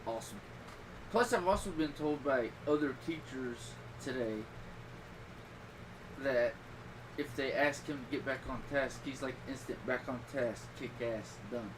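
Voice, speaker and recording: A middle-aged man hosting a podcast, chatting casually and telling rambling stories with sudden loud bursts. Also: medium pitch, a little slow, far from the mic. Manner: rambling, animated storytelling with loud outbursts. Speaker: podcast host. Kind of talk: casual chat. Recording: voice a little off-mic with clear background noise.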